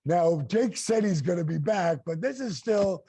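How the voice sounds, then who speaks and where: A middle-aged man and former wrestler telling an animated story, acting out quotes with big voice swings. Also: high-pitched, a little slow, no room sound. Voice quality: gravelly.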